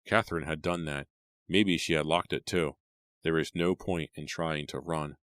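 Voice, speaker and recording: A male narrator reads a horror novel with steady, dramatic storytelling. His voice sits very low. The recording is close and dry. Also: normal speed, no room sound. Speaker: audiobook narrator.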